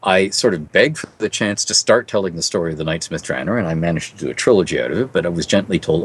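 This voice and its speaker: A middle-aged man, a fantasy author, giving long animated answers as an interview guest and telling stories with a chuckle. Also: low-pitched, fast talker, hardly any pauses, slight background noise. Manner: animated storyteller, lively and chuckling.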